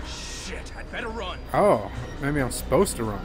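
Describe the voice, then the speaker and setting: A man's voice: on the high side, sing-song, normal speed, music in the background. A man commentating his horror game play, jumpy and profane, with panicky outbursts and out of breath at times. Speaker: gaming YouTuber.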